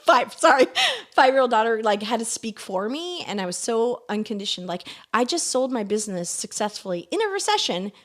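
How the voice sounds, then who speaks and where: A middle-aged woman, a podcast guest, telling personal stories in a casual, animated way, laughing often and dropping into soft asides. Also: on the high side, fairly quick. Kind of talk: casual conversational storytelling.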